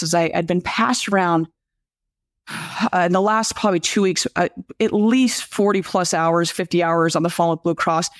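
A woman hosting a podcast, telling a long story in a casual, animated way, often restarting her sentences and reading out viewer comments. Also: on the low side, dry recording, studio quality. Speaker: podcast host. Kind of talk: casual livestream chat.

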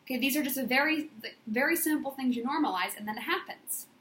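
A woman's voice: high voice, fast talker, a bit bright, reverberant. A woman business coach giving an emphatic, repetitive motivational monologue in affirmation style.

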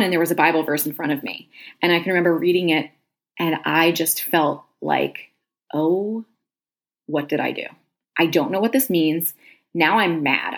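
Chatty woman sharing her story, low voice. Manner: chatty and earnest, with lots of "like" and "um". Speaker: podcast host. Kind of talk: personal faith story, casual monologue.

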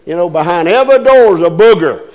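Older preacher, man, high-pitched, folksy storyteller who slips into character voices. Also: expressive, a little fast, a little mellow. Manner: homespun storytelling, acts out voices in anecdotes. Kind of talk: folksy sermon with stories.

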